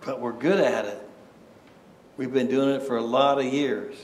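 A man's voice: mid-range voice, fairly even intonation, normal speed, slight background noise. A man preaching a sermon as pastor, conversational, asking rhetorical questions and often restarting his words. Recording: echoey room.

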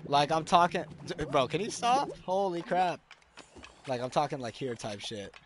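A young man live-streaming games, bantering in slang and yelling at the gameplay. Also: a little high, lively intonation, moderate pace, slight background noise. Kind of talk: live gaming stream chat.

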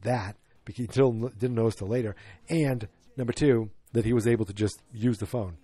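A man's voice: medium pitch, fairly even intonation, fairly quick, dark tone, husky, no echo. A man hosting a podcast in a rambling, casual chat, full of fillers and restarts. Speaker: podcast host.

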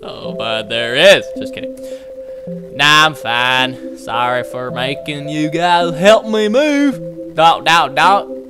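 A man's voice: on the high side, animated, slow pace, music in the background. A young man playing a horror game and joking his way through it, reading the dialogue aloud and swearing. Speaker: gaming YouTuber. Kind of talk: let's play commentary.

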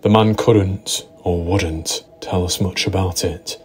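A man narrating a first-person horror story in a steady, dramatic storytelling manner. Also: sits low, slow pace, soft background music. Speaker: narrator and writer.

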